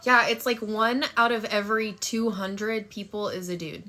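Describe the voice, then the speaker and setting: A woman's voice: mid-range voice, steady tone, moderate pace, pushed and bright. A young woman telling a story and chatting on a phone livestream, brash and profane, thanking viewers for gifts. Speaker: TikTok live streamer.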